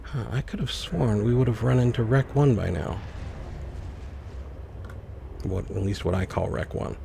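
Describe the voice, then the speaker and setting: A man's voice: lowish voice, animated, a little slow, creaky, mellow, slight background noise. A man casually commenting on his own gameplay, musing aloud to himself as he plays. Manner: musing, talks to himself while playing. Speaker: let's play host.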